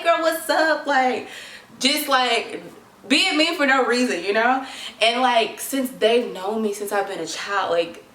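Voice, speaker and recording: A woman's voice: medium pitch, a bit bright. A young woman talking casually to camera in an advice vlog, chatty and dramatic, full of "like". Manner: chatty, dramatic, lots of filler "like". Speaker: vlogger. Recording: echoey room.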